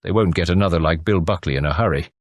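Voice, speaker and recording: A man's voice: low-pitched, fast, dry recording, studio quality. A man voicing a chatty male journalist gossiping in a pub in an audiobook.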